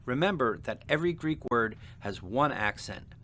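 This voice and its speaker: Measured male seminary lecturer. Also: medium pitch, lively intonation, fairly bright tone, a little hiss or hum. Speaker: seminary instructor. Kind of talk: scripted lecture narration.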